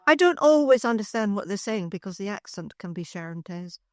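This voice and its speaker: A woman's voice: mid-range voice, lively intonation, brisk, no echo, studio quality. An older woman from Scotland with a Scottish accent, chatting as a podcast guest. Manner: chatty, with frequent restarts. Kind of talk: casual chat.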